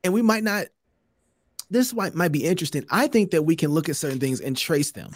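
A man hosting a podcast in casual chat, animated and laughing often as he restarts his sentences. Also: fairly high pitch, a little fast. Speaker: podcast host.

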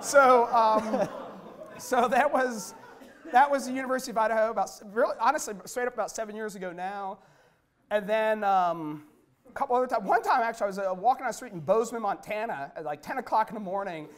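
A man who works as a street preacher, telling stories in a conversational interview, swinging from low and quiet to high and loud. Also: a little fast. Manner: conversational, many fillers and restarts. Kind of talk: storytelling in an interview.

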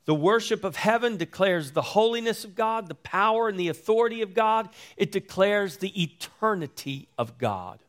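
A man preaching a sermon in a slow, emphatic way, repeating phrases for weight, his voice rising and then dropping low at the ends of phrases. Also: fairly bright tone. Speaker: pastor.

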